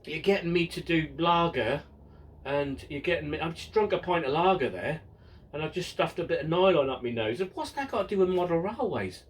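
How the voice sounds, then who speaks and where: A man's voice: on the high side, expressive, fairly quick, distant mic, slight background noise, low-quality recording. A man in his fifties hosting a casual Q and A, reading out viewer questions in a jokey, self-mocking way with many ums and restarts. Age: 50s. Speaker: model railway channel host.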